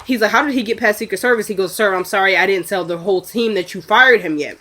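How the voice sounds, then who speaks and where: A sniffly woman in casual chat, recapping a TV episode and acting out the characters' lines in quick asides. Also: medium pitch, a bit bright, a little hiss or hum.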